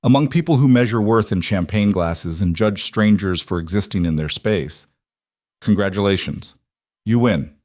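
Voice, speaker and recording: A man voicing a young woman heroine in an audiobook romance, raising his voice high and sounding flustered yet defiant. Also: normal speed, no echo, studio quality, close to an everyday voice. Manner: raised pitch, pleading then sharp.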